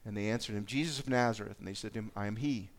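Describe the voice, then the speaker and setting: A man's voice: lowish voice, rapid-fire. A man preaching a sermon, reading scripture aloud and reflecting on it in a conversational way. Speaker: pastor.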